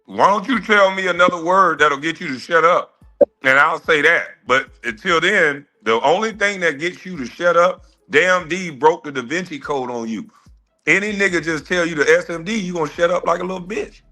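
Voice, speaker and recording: Sex: man. Role: streamer, former pro player. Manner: taunting, bright-toned. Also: fairly high pitch, moderate pace, soft background music. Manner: taunting, dismissive, swears a lot. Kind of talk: heated casual argument.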